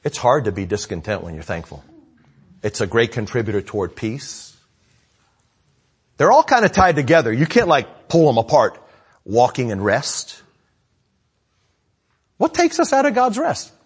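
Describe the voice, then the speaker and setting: A male pastor with a husky, mid-pitched voice delivers a sermon in a casual, talking style. He swings from loud, raised lines to hushed ones and keeps asking the congregation questions and calling for amen. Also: big pitch swings, moderate pace, long pauses. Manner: conversational preaching with sudden swings between loud and hushed.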